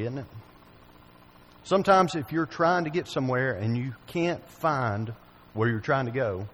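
A man's voice: medium pitch, measured pace, rough recording. Folksy man telling a sermon story. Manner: folksy storytelling, asks the audience questions. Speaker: preacher.

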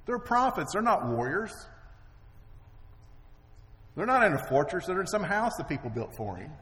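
Retelling a story from scripture in his sermon, a preacher performs the characters' lines with lively delivery, shifting from hushed tones to loud ones. His voice leans high, his pace is normal, and he leaves long pauses. The sound carries a long hall reverb.

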